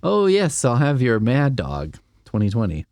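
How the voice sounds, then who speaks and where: A man's voice: medium pitch, wildly swooping pitch, a little slow, a little mellow, no room sound, clean studio sound, pitched above the performer's own voice. A man voicing a snooty, upscale male server in a mock-posh, sneering voice.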